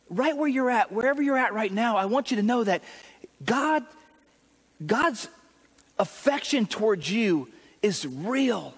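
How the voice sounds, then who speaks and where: Man, pastor, earnest encouraging sermon, high voice, long church reverb. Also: husky. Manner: earnest, encouraging preaching with repeated phrases. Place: church sanctuary.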